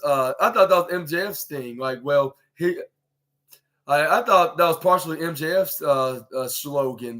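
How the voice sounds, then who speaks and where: A man hosting a podcast, recapping a wrestling show in a halting, rambling way with many fillers and restarts, acting out what the wrestlers said. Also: on the high side, fairly bright tone. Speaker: podcast host.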